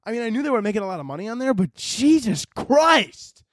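A man's voice: high-pitched, rapid-fire, slight background noise. A young man hosting a casual podcast, ranting in a profane, rambling way and acting out imagined conversations. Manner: profane, animated, rambling, acts out imagined dialogue. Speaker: podcast host. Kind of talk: casual comedic podcast rant.

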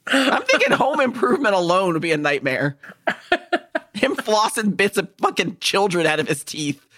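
A woman co-hosting a casual comedy podcast, her bright voice swinging widely up and down. She jokes loudly and profanely, with plenty of animation in every line. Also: mid-range voice, big pitch swings, normal speed. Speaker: podcast co-host.

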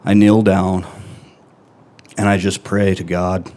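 A middle-aged man telling a personal story to an audience, his voice deep and low. He speaks in an even, steady tone with little rise and fall, earnest and halting, leaving long pauses between phrases. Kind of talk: live first-person storytelling.

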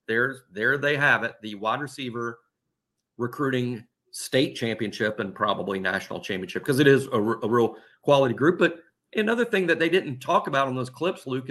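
A man's voice: medium pitch, a bit bright. A man co-hosting a casual sports podcast, rambling and correcting himself as he concedes a point. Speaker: podcast co-host.

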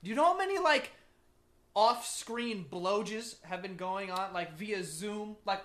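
A young man co-hosting a podcast from a makeshift home studio, joking loudly and crudely in casual banter. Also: high voice, normal speed, a little hiss or hum. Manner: loud, joking, crude, animated. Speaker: podcast co-host.

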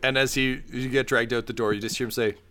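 A man's voice: mid-range voice, fairly even intonation, fast talker, sharp tone, a little hiss or hum. A man running a tabletop game as game master, laid-back and full of fillers.

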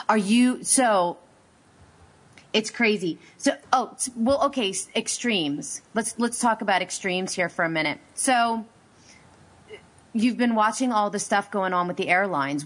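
Animated woman with a rising excited voice. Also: a little slow. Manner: animated, opinionated, voice goes high when excited. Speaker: podcast host. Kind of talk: casual chat.

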